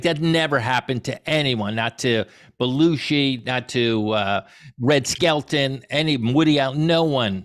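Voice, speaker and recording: Digressive storytelling man. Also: medium pitch. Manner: animated, digressive storytelling with restarts. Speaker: comedy historian guest. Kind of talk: conversational Q&A talk.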